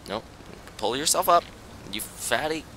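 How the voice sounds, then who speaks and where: A young man commenting on his own gameplay, pleading with himself and muttering, with sudden high yelps when things go wrong. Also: expressive, a little slow. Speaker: gaming channel host. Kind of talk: let's-play commentary. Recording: loud background noise.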